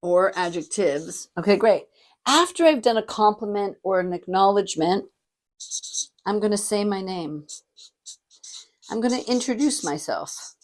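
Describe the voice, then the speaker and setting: A middle-aged woman coaching public speaking in a lesson to camera, with a demonstrative delivery that moves between lively hype and a softer, lower tone. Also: measured pace, long pauses. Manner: demonstrative, shifts between energetic hype and soft warm tones.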